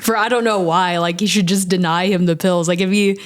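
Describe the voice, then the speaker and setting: A woman's voice: fairly low pitch, steady tone, fairly quick. A woman guesting on a podcast, chatting casually about a film with frequent giggles.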